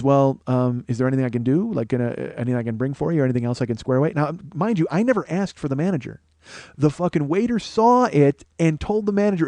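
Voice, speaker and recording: Guy ranting fast through a funny story, swears a lot, dead dry sound. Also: medium pitch, no echo. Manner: profane, animated storytelling. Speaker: comedian host. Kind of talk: rambling comedic monologue.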